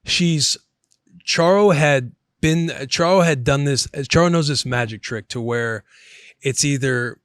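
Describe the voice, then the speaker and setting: A man in his thirties, a podcast host, telling a story in a casual, animated way, swearing and calling his listener bro. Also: medium pitch, a little slow, smooth, no room sound, studio quality.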